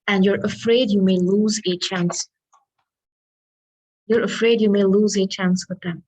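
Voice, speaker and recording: Over poor audio, a woman with a mid-range voice gives a tarot reading. She addresses her listeners earnestly and affectionately, with a spiritual tone, calling on angels.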